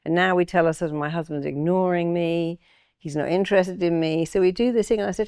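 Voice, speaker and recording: An older woman, a therapist, answering interview questions with lively anecdotes and acted-out quotes. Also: on the low side, a little fast, clear, resonant tone, no room sound, clean studio sound. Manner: animated, acts out quoted voices. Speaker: therapist and author. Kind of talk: interview guest, storytelling.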